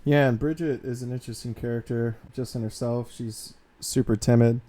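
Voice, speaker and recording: A man co-hosts a casual podcast, prodding his partner with curious and teasing questions. His voice is mellow and warm in tone. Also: mid-range voice, steady tone, moderate pace. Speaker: podcast co-host.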